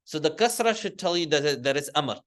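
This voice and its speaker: A man teaches an Arabic grammar lesson in a classroom, explaining step by step in a fairly high, expressive voice at a fairly quick pace. He often corrects himself and chants word forms for students to repeat.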